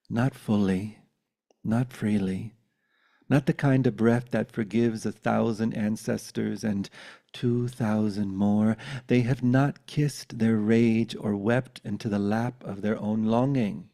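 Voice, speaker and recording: Slow, mellow-voiced man on a video call. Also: on the low side, fairly even intonation, gravelly. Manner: earnest, contemplative, poetic. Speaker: spiritual teacher. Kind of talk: spiritual talk and poem recital.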